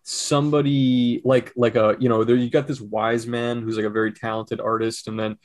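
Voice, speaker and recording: A man's voice: mid-range voice, little pitch movement, normal speed, dry recording. A young man co-hosting a podcast in casual chat, rambling with restarts and swearing. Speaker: podcast co-host.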